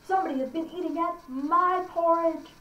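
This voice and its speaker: A woman's voice: very high voice, fairly quick, dull audio, voice pushed up. A woman voicing the middle-sized bear in a storybook reading, with a lifted voice. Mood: puzzled. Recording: roomy, distant mic, faint ambience.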